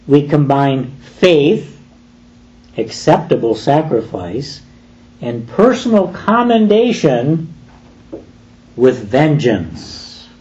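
A man's voice: medium pitch, dark tone. A man preaching a sermon, emphatic and full of rhetorical questions, on a dull lo-fi recording.

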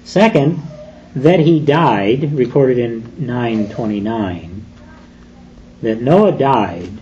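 A man preaching a sermon in an unhurried, measured way, his voice mellow and warm. He stresses key phrases slowly and deliberately. The recording sounds a little dull, with faint room noise behind him. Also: medium pitch. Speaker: pastor.

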